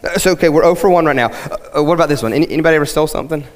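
Male pastor, sermon, conversational then emphatic, slightly high voice, long hall reverb. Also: very fast. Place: church sanctuary.

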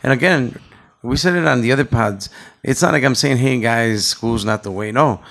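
A man's voice: medium pitch, moderate pace, vocal fry, fairly bright tone. A man co-hosting a casual podcast, talking loosely and profanely and slipping between English and Spanish, with a Chicago accent. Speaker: podcast co-host.

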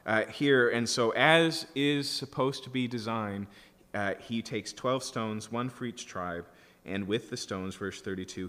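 A man's voice: mid-range voice, fairly bright tone. A middle-aged man preaching a sermon, reading scripture aloud and explaining it with dry humor. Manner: expository preaching, reads scripture then comments with mild humor. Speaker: pastor. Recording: long reverb of a hall.

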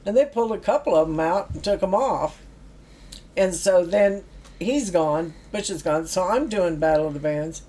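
Middle-aged lady telling stories from her youth work, warm low voice, laughs a lot. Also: animated, normal speed. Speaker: former youth project worker. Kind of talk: anecdotal storytelling.

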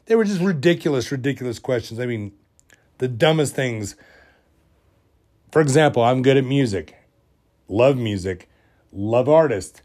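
A man's voice: mid-range voice, animated, moderate pace, long pauses, a little mellow. Exasperated man rambling on a podcast. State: sick with a cold. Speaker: podcast host. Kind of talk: solo podcast monologue.

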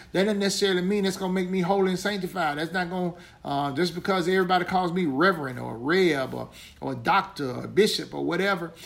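A male pastor preaching in an easygoing, talky manner. His voice sits a little high for a man, and he circles back to repeat key lines, often stumbling over his first words before pressing on. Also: a bit bright. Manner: conversational preacher, repeats points, stammering restarts. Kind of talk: sermon.

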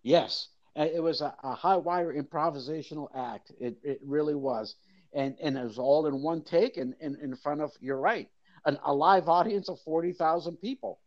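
An older man telling a lively anecdote in an interview, acting out voices of the crowd. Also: a little high, moderate pace, dry recording, lo-fi sound. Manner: animated storyteller, acts out crowd voices. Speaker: guest, mascot performer. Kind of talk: storytelling interview.

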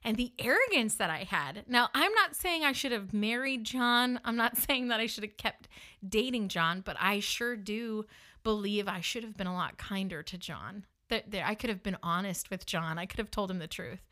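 A woman hosting a podcast, telling a personal story in an animated, self-mocking way and acting out the dialogue. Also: medium pitch, normal speed. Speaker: podcast host.

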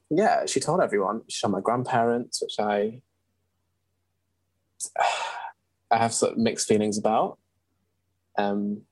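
A man's voice: lowish voice, darkish tone, husky, no room sound, poor audio. A young man, telling a personal story as an interview guest in an earnest, candid way. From England. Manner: earnest, candid, with frequent ums and restarts.

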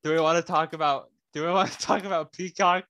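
A man's voice: on the high side, steady tone, fast, fairly bright tone, no echo. A man co-hosting a podcast in casual chat, swearing casually. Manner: laughs easily, swears casually. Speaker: podcast co-host.

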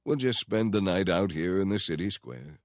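A man's voice: low voice, expressive, normal speed, dry recording, studio quality. A man voicing stern angels giving urgent, commanding warnings in a storybook reading.

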